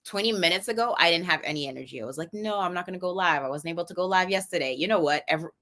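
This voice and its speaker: Young woman, low voice, hosting a casual motivational livestream; chatty, animated, laughing between points. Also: rapid-fire. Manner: chatty and animated, laughs often, restarts sentences. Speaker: live streamer giving motivational talk.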